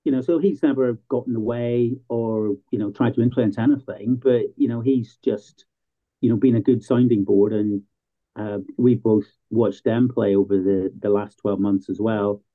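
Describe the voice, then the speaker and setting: A man from Northern Ireland, a new football club co-owner, chatting casually in an interview and telling relaxed, self-deprecating stories. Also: lowish voice, normal speed. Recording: tinny phone-like line.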